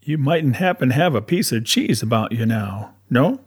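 Brief: a man playing an excitable, rambling old marooned sailor in an audiobook, rustic talk, raised pitch and volume. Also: moderate pace, husky. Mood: eager. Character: half-crazed marooned old male castaway, excitable and rambling. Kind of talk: audiobook character voice.

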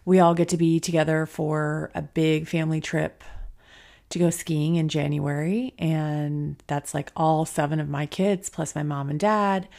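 A woman's voice: deep voice, fairly even intonation, unhurried, creaky, darkish tone. A woman in her forties hosting her own podcast, talking candidly and emotionally while trying not to cry. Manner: candid, emotional, thinking aloud. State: near tears. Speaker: podcast host. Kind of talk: personal solo podcast talk.

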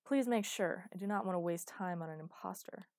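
A woman's voice: fairly low pitch, fairly quick, a little mellow, no room sound, studio quality, natural voice. A woman reading a cold, dismissive male general who gives orders in an audiobook. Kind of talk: audiobook character voice.

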